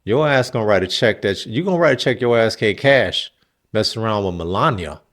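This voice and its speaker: A man's voice: fairly low pitch, expressive, brisk, a bit bright. A man voicing a cold, threatening woman who warns people not to cross her. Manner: menacing, slangy. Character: icy, threatening woman who brooks no nonsense.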